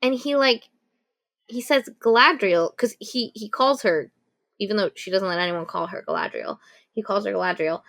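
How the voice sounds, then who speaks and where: Woman podcast co-host, casual storyteller, animated, salty language. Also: mid-range voice. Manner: animated retelling with profanity and acted quotes. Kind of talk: casual book review chat.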